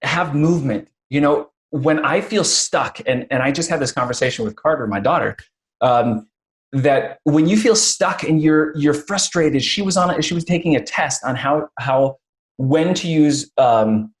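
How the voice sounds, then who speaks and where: A man's voice: fairly high pitch, expressive, normal speed. A man hosting a conversational interview, telling stories with frequent restarts and acting out quotes. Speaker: podcast host.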